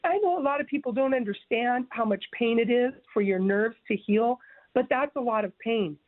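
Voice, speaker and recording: A woman's voice: on the high side, moderate pace, dry recording. A woman giving an interview about her own experience, speaking earnestly and with emphasis, often restarting her words. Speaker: guest sharing her story. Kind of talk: interview, personal testimony. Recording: dry, phone-like narrow sound.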